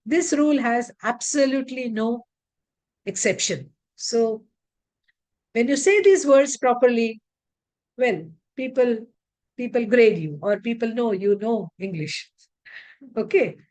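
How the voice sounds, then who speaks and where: A woman gives an English pronunciation lesson over a video call. Her pitch sits a little high and moves a lot. She talks slowly and deliberately as she reads out lists of words. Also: darkish tone. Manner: slow, deliberate, reads word lists aloud. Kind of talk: online lecture on word stress.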